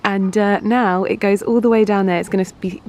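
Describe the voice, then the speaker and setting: A woman vlogging casually in her garden and greenhouse, gushing and excitable, gasping with delight. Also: mid-range voice, brisk, noisy background. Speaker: lifestyle vlogger. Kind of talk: casual vlog to camera.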